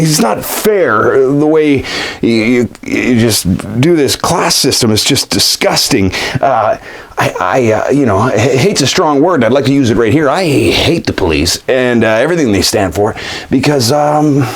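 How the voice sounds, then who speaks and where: Rambling, heated comedic ranter, man. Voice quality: lively swooping pitch. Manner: rambling, full of fillers and restarts, heated. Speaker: comedy sketch character ranting.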